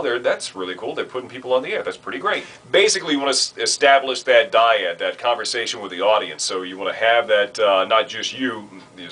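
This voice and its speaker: A man training new radio announcers, talking in a relaxed, conversational way with frequent fillers. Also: lowish voice, poor audio. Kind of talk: instructional talk.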